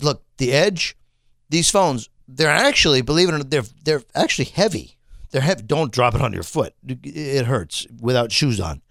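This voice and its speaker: A man's voice: on the high side, expressive, a little fast, vocal fry, a bit bright, no room sound, studio quality. A man ranting casually to camera, exasperated, swearing and stumbling over restarts. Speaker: vlogger reviewing a phone.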